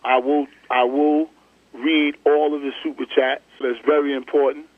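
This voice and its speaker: A man's voice: a little high, flat delivery, moderate pace, dry recording. A man hosting a casual talk show, loose and joking, often restarting his sentences. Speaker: podcast host. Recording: tinny phone-line sound.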